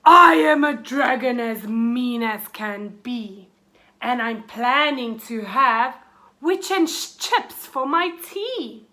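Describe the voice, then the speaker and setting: A greedy storybook dragon who gloats loudly over his next meal, played by a woman. His voice is bright and forceful, and the lines come slowly and heavily. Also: a little high, lively intonation, exaggerated voice. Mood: menacing. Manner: loud, gloating then spluttering. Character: menacing hungry male dragon.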